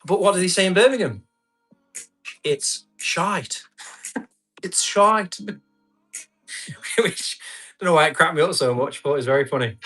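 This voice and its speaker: A man with a bright, forceful voice that sits a little high. He chats loosely while running a live auction, reading out numbers and comments and laughing easily. Faint music plays behind him. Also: lively intonation, moderate pace, pauses often. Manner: chatty, laughs often, reads out bids and comments. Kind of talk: casual live-stream selling chat.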